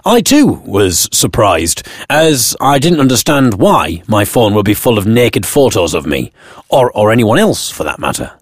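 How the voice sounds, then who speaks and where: A British man telling a funny first-person story in a wry, self-mocking tone. His slightly husky voice rises and falls a lot, leaping high for emphasis and dropping low for deadpan asides, and it sounds close and dry with no room around it. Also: a little slow, no echo. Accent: British English. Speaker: blogger narrating his own story.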